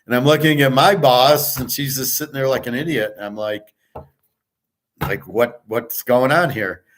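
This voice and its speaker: A man's voice: medium pitch, normal speed, a bit bright. A middle-aged man telling a long work story in a blunt, rambling way that repeats itself. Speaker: podcast host. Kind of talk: casual storytelling monologue.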